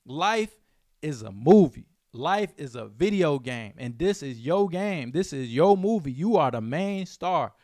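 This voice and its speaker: Young male reaction host from Chicago, streetwise slang, dry close sound, slightly high voice. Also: unhurried, dry recording. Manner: animated, streetwise slang, repeats himself. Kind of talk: casual commentary.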